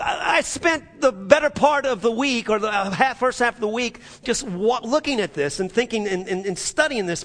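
A man's voice: very high voice, a bit bright, big-room sound. A man preaching a sermon in a church, emphatic and repetitive, with frequent restarts. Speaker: pastor.

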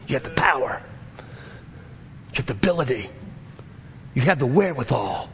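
A man's voice: mid-range voice, expressive, brisk, long pauses, a bit bright, slightly rough. A man in his fifties, a pastor preaching a sermon, telling a story earnestly and then rising into fervent preaching. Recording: long reverb of a large hall with faint noise.

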